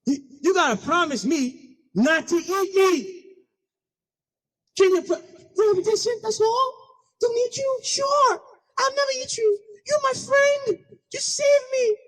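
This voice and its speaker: Man putting on a trapped snake, whimpering, shrill, very high, desperate pleading, storytelling. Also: unhurried, fairly bright tone, rough recording. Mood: begging. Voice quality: high whining plea.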